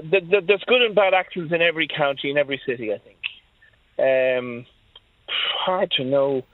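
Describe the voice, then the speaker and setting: A man from Dublin with a suburban Dublin accent, calling in to a radio show. He speaks a little high for a man, states strong opinions and keeps stumbling over repeated words. The call comes through a thin, tinny phone line. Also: moderate pace, no echo. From Dublin, Ireland. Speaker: radio caller. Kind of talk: casual phone-in chat. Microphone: telephone.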